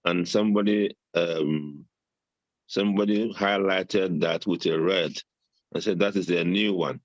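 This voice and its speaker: A man's voice: sits low, steady tone, unhurried, dry recording, lo-fi sound. An older man chatting as a guest, repeating words often and chuckling jovially about supplements. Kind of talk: casual interview talk.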